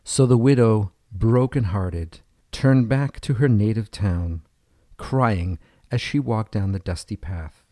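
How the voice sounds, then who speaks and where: A man narrating a storybook tale in a steady, even way. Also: fairly low pitch, takes it slowly, no echo, studio quality.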